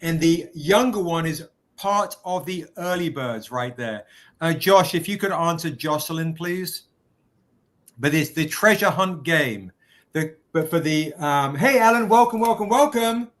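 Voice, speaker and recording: A man's voice: a little high, measured pace, a bit bright. Chatty man hosting a livestream. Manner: chatty, greets viewers by name. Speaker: livestream host. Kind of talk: casual livestream product pitch.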